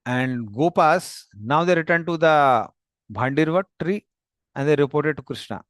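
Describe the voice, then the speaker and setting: A man narrating a devotional story slowly and plainly, pointing to slides as he goes. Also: fairly high pitch, animated, a bit bright, no echo, clean studio sound. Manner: slow, plain, explanatory with pauses.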